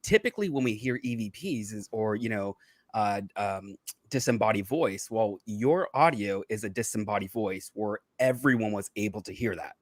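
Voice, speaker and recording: A man speaks as a podcast guest, explaining at a calm, unhurried pace. He leans on fillers as he talks things through. His voice sits a bit low, recorded dry and close. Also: no echo. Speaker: psychic medium guest. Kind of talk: casual explanatory chat.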